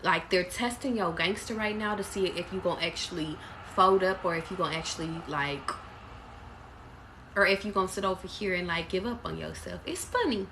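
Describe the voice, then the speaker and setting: A woman's voice: fairly low pitch, a little fast, a bit bright, a little hiss or hum, low-quality recording. A woman giving a live tarot reading, talking casually and bluntly with plenty of profanity, passing on intuitive messages. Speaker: tarot reader.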